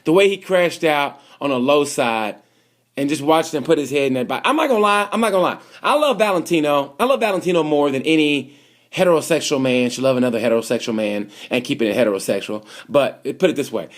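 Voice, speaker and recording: A man casually reviewing a motorcycle race for his video channel, rambling and animated, his voice swinging between loud bursts and quiet asides. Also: on the high side, quick pace. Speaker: vlogger reviewing motorcycle races. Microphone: home camera recording.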